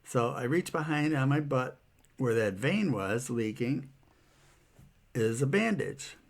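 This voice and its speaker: A man's voice: mid-range voice, expressive, takes it slowly, gravelly. Laughing man telling a rueful story. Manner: laughs often while telling; rueful, incredulous. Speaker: patient telling his story. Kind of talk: casual personal storytelling.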